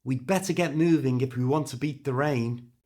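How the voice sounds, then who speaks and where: A man's voice: medium pitch, moderate pace, mellow, natural voice. A man with a British accent voicing a cheerful, joking father in a storybook reading. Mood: jovial. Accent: British English. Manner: jovial, joking. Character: cheerful British dad, jokey.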